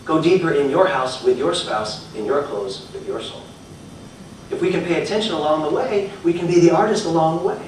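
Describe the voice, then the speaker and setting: A man giving a live inspirational talk, telling stories with loud bursts and quiet lines and repeating phrases for emphasis. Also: fairly high pitch, fairly quick. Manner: animated storytelling, swings between loud bursts and quiet lines. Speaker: motivational speaker. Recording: echoey hall from far off, faint noise.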